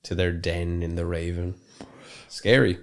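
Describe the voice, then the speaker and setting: A man's voice: deep voice, little pitch movement, a little slow. A young man co-hosting a podcast, talking in a rambling, chatty way with plenty of fillers and restarts. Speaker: podcast co-host. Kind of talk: casual podcast chat.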